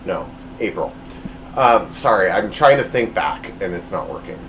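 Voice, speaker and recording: A man's voice: on the low side, animated, moderate pace, a bit bright, slight background noise, low-quality recording. A man hosting his own podcast, telling a personal story in a rambling, self-deprecating way with lots of fillers and restarts, recorded at home. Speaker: podcast host.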